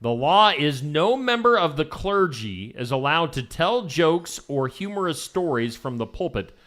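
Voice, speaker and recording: A man's voice: a little high, very animated, a little slow, fairly bright tone. A male morning show host reading odd news stories casually, tossing in wisecracks. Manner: playful, wisecracking, ad-libs comments on the stories. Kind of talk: casual live news read with jokey asides.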